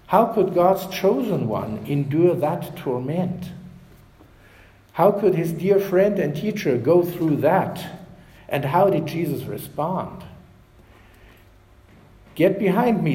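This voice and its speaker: A male pastor preaching a measured sermon. His voice drops softly at the ends of phrases. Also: a little high, roomy sound, rough recording.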